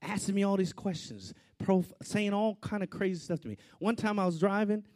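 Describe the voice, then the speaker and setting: A man preaching a storytelling sermon, swinging between loud outbursts and hushed asides. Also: high voice, normal speed.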